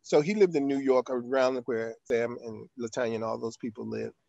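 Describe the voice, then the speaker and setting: A man's voice: mid-range voice, steady tone, moderate pace, creaky, mellow, no room sound, lo-fi sound. An older man, an actor, telling a long anecdote in an interview, acting out quotes and using frequent fillers. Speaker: actor guest. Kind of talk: storytelling in an interview.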